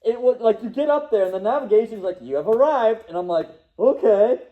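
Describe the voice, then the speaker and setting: A man's voice: high voice, expressive, a little fast, narrow, tinny audio. A young man casually telling a rambling story, laughing and acting out what people said. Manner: rambling, laughing, acts out quotes.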